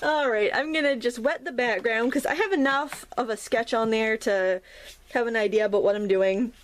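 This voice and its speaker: At a moderate pace and in a higher-pitched voice, a middle-aged woman from New England narrates a casual watercolor painting lesson. She rambles and chats along the way, often chuckling at herself.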